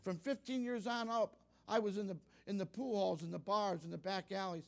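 An older man preaching a sermon to young people, folksy and direct, rising to loud fervent exclamations. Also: sits high, a little fast, creaky, hardly any pauses. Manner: folksy, addresses youth directly. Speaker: pastor.

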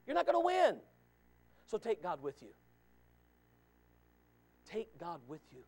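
A pastor preaching a sermon with emphatic repetition, calling out listeners by name. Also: male voice, high voice, huge pitch swings, measured pace, a little mellow. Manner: emphatic, repeats lines, calls out listeners by name.

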